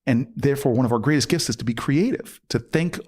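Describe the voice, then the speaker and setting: A man telling a story as a podcast guest, acting out quoted dialogue with sudden jumps up in pitch, and often restarting and repeating words. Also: fast, darkish tone. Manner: frequent restarts and stammered repeats. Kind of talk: animated storytelling in a podcast interview.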